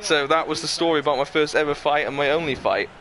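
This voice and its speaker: A man's voice: on the high side, fast talker. A young man in his twenties hosting his channel, telling a long story in a rambling, chatty way, laughing as he goes. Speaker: channel host. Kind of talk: casual storytelling to camera. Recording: steady background noise.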